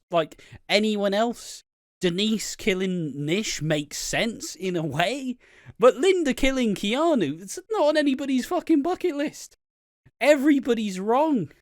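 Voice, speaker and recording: A British man co-hosting a podcast, recapping a soap episode in casual, excitable chat, swearing a lot and acting out the characters' lines. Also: high-pitched, no echo, clean studio sound. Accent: British English. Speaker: podcast co-host.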